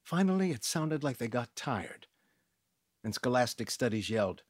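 A man with a husky voice giving expressive first-person narration of an audiobook. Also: mid-range voice, normal speed, no echo, clean studio sound. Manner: expressive storytelling.

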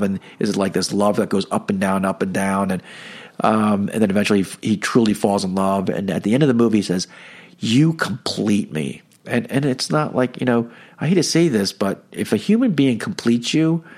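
A man's voice: fairly low pitch, a little mellow. A middle-aged man giving a conversational teaching talk on Catholic faith, full of "you know" and "okay.". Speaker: Catholic speaker.

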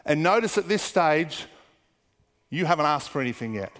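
Preaching man with a higher voice in a hall. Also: expressive, moderate pace. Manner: storytelling with hushed, muttered asides for quoted people. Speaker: pastor. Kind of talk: sermon.

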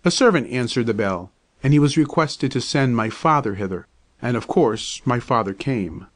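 A man narrating an old-fashioned storybook tale. He reads at a measured, even pace. His voice sits at a middling pitch. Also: no room sound.

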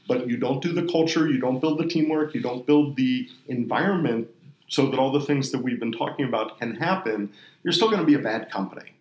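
A man hosting a podcast, telling earnest, emotional stories in a relaxed conversational way. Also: mid-range voice, echoey room, poor audio. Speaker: podcast host. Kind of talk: conversational storytelling.

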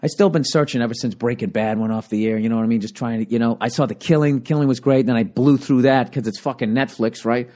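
A stand-up comic rants solo into a handheld recorder, cursing at every turn and swinging from loose chatter to heated riffs. His man's voice sits at an ordinary pitch and is still cracking a little. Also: fast, few pauses. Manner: profane, ranting, animated. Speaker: stand-up comedian and podcaster. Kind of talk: solo podcast monologue.

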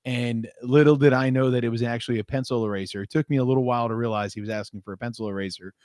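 A male interview host talking casually, often adding "like" and "right?". His voice has an average pitch. The recording is dry, with no room echo. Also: fairly even intonation, very fast, a little mellow. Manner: rambling, uses "like" and "right?" a lot.

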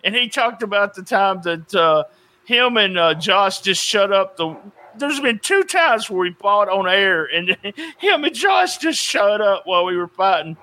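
High bright-voiced male podcast host. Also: very animated, a little slow. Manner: rambling, lots of fillers and restarts. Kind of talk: casual podcast chat with ad read.

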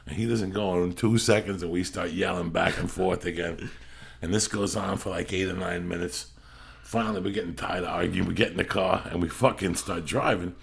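A man's voice: low voice, steady tone, fairly quick, vocal fry, slight background noise. A middle-aged man hosting a podcast, telling a rambling, profane story in casual chat. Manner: profane, rambling, bursts into yelling when acting out quotes. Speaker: podcast host.

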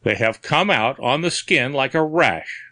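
A man's voice: mid-range voice, animated, a little slow, pushed and bright, dry recording, voice pushed up. A man voicing a puzzled, brusque middle-aged doctor in a storybook reading. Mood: grave.

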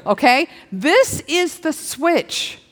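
Animated middle-aged woman preaching in a hall. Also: fairly high pitch, unhurried. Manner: animated and playful, acting out little dialogues. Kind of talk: sermon. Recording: long hall reverb.

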